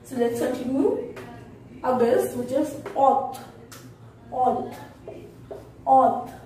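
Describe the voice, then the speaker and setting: A woman teaching French in a casual spoken lesson, slowly saying each word and repeating it for pronunciation. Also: high voice, mellow. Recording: roomy echo from far off, faint noise.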